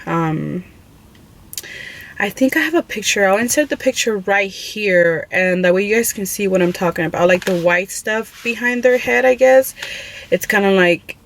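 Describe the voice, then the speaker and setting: A woman's voice: medium pitch, moderate pace. Young woman vlogger, casual confessional storytelling, rambling and heartfelt, with a faint hiss in the background. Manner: rambling, full of "like" and "you know"; emotional, confiding.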